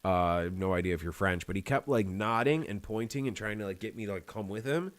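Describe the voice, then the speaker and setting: A man's voice: fairly low pitch, quick pace, no room sound. An American man hosting a podcast, telling long, rambling, profanity-laced stories in casual chat. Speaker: podcast host.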